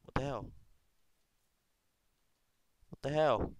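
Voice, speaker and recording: Man, gamer commentary, slow-talking, cursing to himself, noisy mic with clicks. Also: medium pitch. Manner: frustrated, cursing, talks to himself. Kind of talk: let's play commentary.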